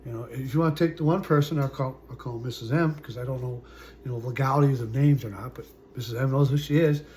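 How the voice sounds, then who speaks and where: Halting, soft-trailing man in his forties. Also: medium pitch, a little hiss or hum. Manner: halting, full of "uh" and "you know", trailing off softly. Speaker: vlogger. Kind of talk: personal storytelling to camera.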